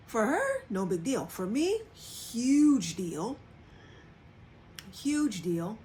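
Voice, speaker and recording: This livestream host speaks with a fairly high pitch and big swings in intonation, drawing out words and pausing often in a mellow tone, over a faint hiss or hum. Casually and openly, she reflects on her personal experiences and acts out quotes using different voices.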